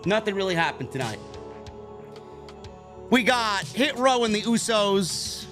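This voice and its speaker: Give me a man from New York hosting a live stream, cursing and griping, with a bright, forward voice that sits high and swings all over the place. He sounds fed up and talks straight into his streaming mic. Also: very animated, measured pace, soft background music. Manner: profane, griping rant. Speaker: livestream host. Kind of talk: live post-show stream review.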